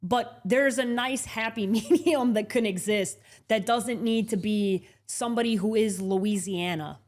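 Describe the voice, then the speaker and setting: A woman co-hosting a casual sports talk show, blunt and emphatic, swearing casually as she makes her case. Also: medium pitch. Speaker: co-host.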